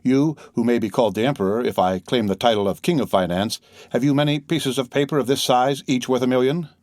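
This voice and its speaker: A man's voice: medium pitch, brisk, darkish tone, no echo, close to an everyday voice. Boastful jittery banker guy, done by a male reader, dry close sound. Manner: boastful, then flustered.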